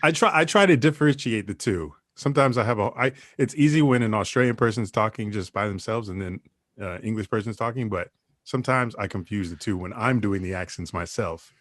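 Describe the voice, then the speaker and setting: A man's voice: lowish voice, a little fast, a bit bright, no room sound. An American man co-hosting a podcast, chatting in a laid-back, casual way. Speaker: podcast co-host. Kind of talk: casual chat.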